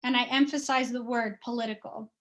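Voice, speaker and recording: A woman activist reading a prepared statement in a forceful, declarative way. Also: a little high, steady tone, a little fast. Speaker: activist speaker.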